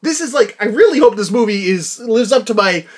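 Male host, high voice with a lively, swooping delivery; excitable, rambling, a little breathless. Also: brisk. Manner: excitable, rambling, breaks into laughter. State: slightly out of breath. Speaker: podcast host reviewing a film. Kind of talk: casual monologue.

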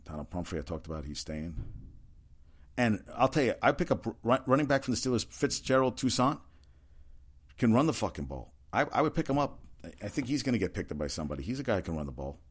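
A man's voice: lowish voice, big pitch swings, quick pace, breathy edge. A man giving a casual, rambling solo rundown of sports news, opinionated and full of fillers and restarts. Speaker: sports talk host.

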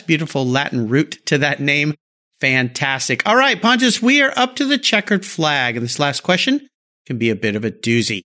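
A man's voice: on the high side, very animated, normal speed, bright, forceful tone. A man hosting a podcast, asking questions with upbeat enthusiasm. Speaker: podcast host. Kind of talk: podcast interview.

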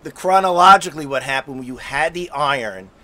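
A man's voice: a little high, animated, a little fast, sharp tone. A man in casual chat recalling and correcting a shared story with a friend. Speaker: friend and former roommate.

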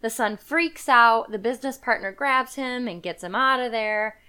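Chatty woman recapping a movie, smooth voice. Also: fairly high pitch, moderate pace, sharp tone. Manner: chatty storytelling with frequent fillers and laughs. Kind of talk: casual movie recap chat.

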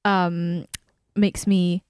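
A woman's voice: lowish voice, level tone, drawn-out words, darkish tone, clean tone, no echo, clean studio sound. A woman with a Filipino English accent, co-hosting a casual podcast chat, talking in a reflective, rambling way with many fillers. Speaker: podcast co-host.

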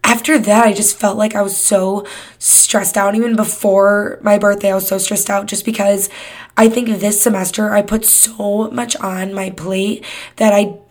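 A woman's voice: medium pitch, flat delivery, normal speed. A woman of twenty-one hosting her own podcast, talking in a candid, rambling way and swearing often. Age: 20s. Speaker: podcast host. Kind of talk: casual solo podcast chat.

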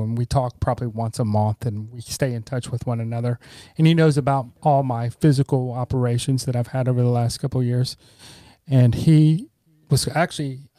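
A middle-aged man appears as a podcast guest, sharing earnest, rambling anecdotes in a conversational storytelling style and saying "you know" a lot. His mid-range voice is warm and his tone grateful, captured in a dry recording.

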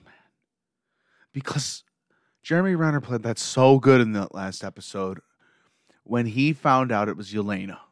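A young man casually recapping a TV episode, reading the scenes aloud and breaking in with emotional, excited asides. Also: fairly low pitch, dry recording, studio quality. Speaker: show recapper.

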